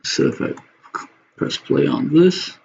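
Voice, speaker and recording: A man's voice: on the high side, slow pace, vocal fry, darkish tone, muffled recording, slight background noise. A man who produces music, talking casually and rambling as he builds a beat, swearing now and then and humming the rhythm. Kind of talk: casual talk while making a beat.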